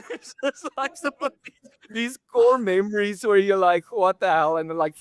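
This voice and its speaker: A young man with a high, clear, resonant voice rambles through stories about working events on a casual podcast, speaking at normal speed. As co-host, he tells them animatedly, packed with fillers, and there's no room sound.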